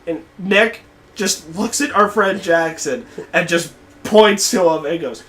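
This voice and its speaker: A young man hosting a podcast, telling a story in casual chat, swearing freely and shouting out the quoted lines. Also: high voice, slow, a little hiss or hum. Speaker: podcast host.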